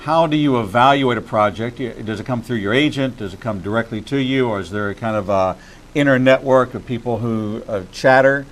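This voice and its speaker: A man from Pittsburgh hosting an interview, asking questions in a measured, deliberate way. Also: medium pitch, slight background noise, poor audio. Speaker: interview host.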